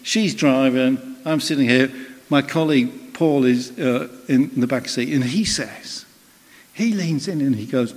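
Male preacher, mid-pitched, chatty storyteller, voices the people he quotes, church hall reverb. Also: a little slow, darkish tone. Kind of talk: sermon with personal anecdote.

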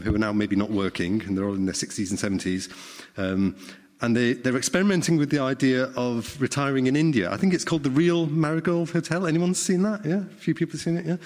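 A man's voice: medium pitch, darkish tone. Man preaching in a reverberant hall. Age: middle-aged. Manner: conversational, asks the congregation questions. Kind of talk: sermon.

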